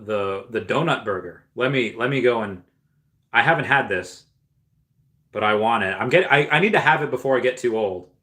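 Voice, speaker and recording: A man chatting on his livestream in a mid-pitched voice, wandering from thought to thought with plenty of restarts and fillers. He reads viewer comments aloud and reacts to them as he talks. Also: pushed and bright. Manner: rambling, with frequent restarts and fillers. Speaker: livestream host. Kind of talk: casual livestream chat.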